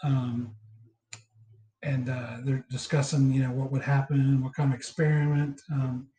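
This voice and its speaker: A man hosting a podcast, recapping a movie in casual, halting chat full of filler words. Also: medium pitch, little pitch movement, mellow. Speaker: podcast host. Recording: echoey room.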